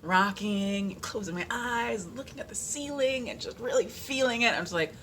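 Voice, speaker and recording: A woman vlogger chatting casually, animated and playful, with lots of fillers and little sung snippets. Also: medium pitch, normal speed, slight background noise. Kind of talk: casual chat.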